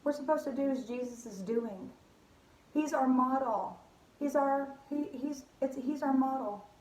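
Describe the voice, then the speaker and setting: A woman's voice: sits high, measured pace, a little mellow. A woman giving a casual devotional talk as a Christian vlogger, rambling with many fillers and restarts. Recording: roomy echo.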